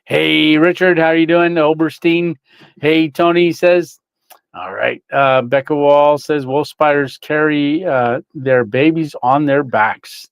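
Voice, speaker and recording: A man's voice: mid-range voice, no room sound. A man hosting a casual livestream, reading chat, greeting viewers by name and laughing often.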